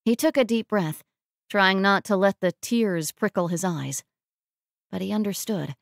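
A woman narrating a romance audiobook in a measured, emotive reading on a close mic. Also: mid-range voice, animated, no echo. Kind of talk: scripted narration.

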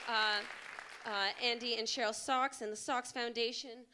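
A young woman organizer giving a gushing, excitable thank-you speech on a theater stage with a handheld mic. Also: on the high side, normal speed, crowd noise, noisy background. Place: theater stage before an audience. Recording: live theater with audience sounds. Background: audience.

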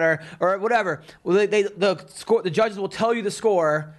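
A man's voice: sits high, normal speed. A man hosting a podcast, a comedian who talks in a chatty, rambling way with lots of fillers. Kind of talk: casual chat.

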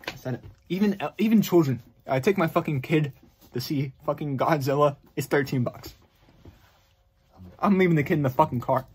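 A man's voice: mid-range voice, a little mellow, slight background noise. A man vlogging to camera in an exasperated, profane rant. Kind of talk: ranting vlog to camera.

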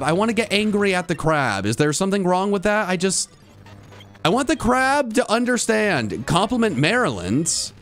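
Animated male game streamer. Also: high voice, normal speed, soft background music. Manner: animated, jumps to loud frustrated outbursts. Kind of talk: live gameplay commentary.

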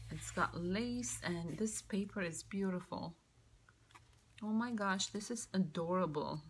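A woman vlogger opening a birthday craft mail, gushing and excitable, now and then dropping into a whisper. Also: medium pitch, slight background noise. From Canada. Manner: gushing, excitable, keeps exclaiming how cute things are. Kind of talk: casual show-and-tell unboxing.

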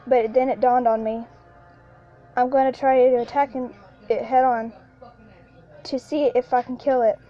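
A woman narrating a first-person horror story in a halting way, with frequent restarts and repeated lines. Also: sits high, steady tone. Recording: lo-fi with faint background music.

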